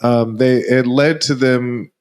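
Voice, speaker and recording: A man's voice: medium pitch, fairly even intonation, slow pace. A man co-hosting a podcast in casual chat, explaining a topic carefully and hedging with frequent ums. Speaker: podcast co-host.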